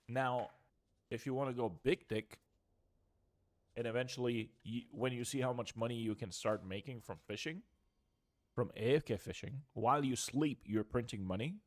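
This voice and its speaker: A man's voice: mid-range voice, normal speed. Casual young man explaining a game. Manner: loose and chatty, trails off and restarts. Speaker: game streamer. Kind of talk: casual gameplay walkthrough.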